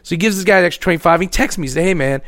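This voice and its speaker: High-voiced profane storyteller man. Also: racing, dry recording, clean studio sound. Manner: profane, animated, acts out others in a lower voice. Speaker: podcast co-host telling a story. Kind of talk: casual storytelling chat.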